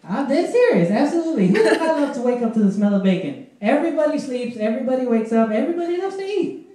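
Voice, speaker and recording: A man doing a stand-up comedy set at an open mic, telling crude stories with a deadpan delivery. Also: very high voice, quick pace. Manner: deadpan storytelling, crude punchlines. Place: small club at an open mic. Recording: very echoey room.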